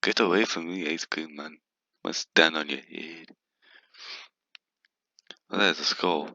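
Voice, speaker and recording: A man's voice: a bass voice, steady tone, slow, creaky, pushed and bright, no room sound. A man giving playful, teasing gameplay commentary, giggling and humming to himself as he plays. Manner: teasing, giggly, mutters and hums while playing. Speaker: gaming video creator. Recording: dull lo-fi, dry.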